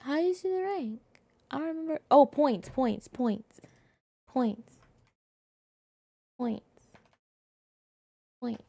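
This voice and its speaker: A young woman streaming a game live, chatting with viewers in an excitable, playfully indignant way that jumps into squeals. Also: sits high, slow pace, pauses often, soft background music.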